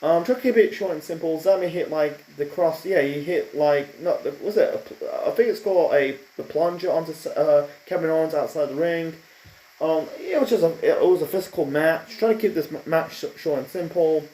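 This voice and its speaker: Man, fairly high voice, mellow tone, rambling opinionated review, echoey room. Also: brisk. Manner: rambling and opinionated, many fillers and restarts. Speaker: wrestling show reviewer. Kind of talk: casual spoken review.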